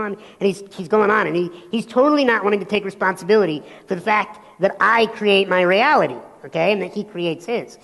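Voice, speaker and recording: A man's voice: sits high, fairly quick, gravelly, hardly any pauses. Guy giving a keynote on stage, does little voices in his stories, big hall with a long echo. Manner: animated storytelling, acts out voices. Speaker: motivational speaker.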